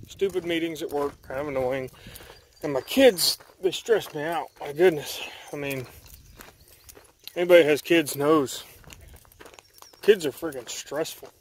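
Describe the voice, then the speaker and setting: Young man, casual walking vlog, animated rambling, handheld camera, outdoors in woods. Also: a little high, slight background noise. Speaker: vlogger.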